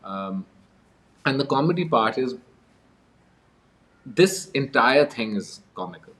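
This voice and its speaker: A man from Pakistan, a guest in an interview, tells his story conversationally with wry amusement, chuckling often while coughing from a cold. His mid-range voice is expressive, slow, and a bit bright.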